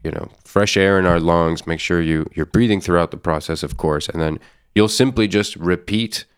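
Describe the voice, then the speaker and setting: An actor playing a slow, soothing, salesy male self-help guru doctor in an improvised comedy scene. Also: deep voice, clear, resonant tone, no echo, studio quality. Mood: smooth, salesy.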